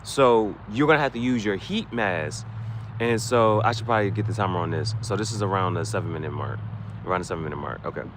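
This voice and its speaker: Over some background noise, a fairly low-pitched man streams a video game and rambles through tips in casual commentary. He keeps restarting his sentences, and when gifts come in he breaks into quick rap freestyles.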